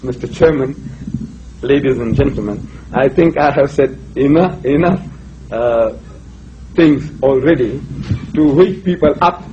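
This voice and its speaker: A man's voice: mid-range voice, a little slow, noisy background. An older man from Africa, giving an emphatic, rhetorical public lecture in a university hall, quoting scripture. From South Africa. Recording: dull lo-fi lecture recording.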